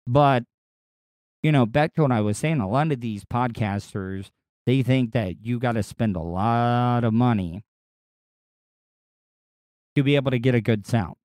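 A man hosting his own podcast in a casual solo monologue, with a distinctive voice that is not deep, talking in a rambling, crude, candid way with frequent restarts. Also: a little slow, long pauses, darkish tone, no echo. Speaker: podcast host and radio personality.

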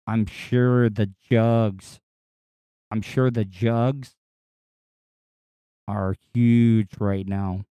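A man hosting his own podcast in a casual solo monologue, with a distinctive voice that is not deep, talking in a rambling, crude, candid way with frequent restarts. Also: dark tone, clear, resonant tone, no room sound, clean studio sound. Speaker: podcast host and radio personality.

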